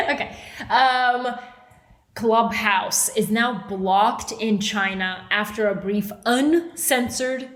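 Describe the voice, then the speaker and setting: A woman's voice: on the high side, a bit bright. Bubbly woman co-host, echoey room. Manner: bubbly, quick to laugh. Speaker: podcast co-host. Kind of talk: casual banter. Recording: roomy echo.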